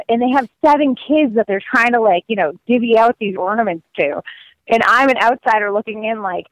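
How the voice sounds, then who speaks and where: A woman guest telling stories in a casual, lively way, full of "like" and acted quotes. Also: medium pitch, normal speed, no room sound, low-quality recording. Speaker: guest describing her cross-country walk. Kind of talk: casual storytelling.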